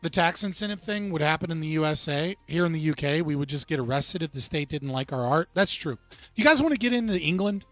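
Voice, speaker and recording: A man's voice: on the high side, lively intonation, fast talker, fairly bright tone, soft background music. A man hosting a live-stream reaction show, ranting and joking with heavy profanity. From United States. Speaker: livestream host.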